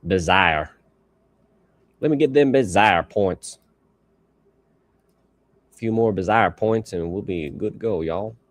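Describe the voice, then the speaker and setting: A man's voice: sits low, slow pace, pauses often, no echo. A man putting on a cheerful, folksy southern drawl as a joke during a livestream. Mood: jokey. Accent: put-on Southern US.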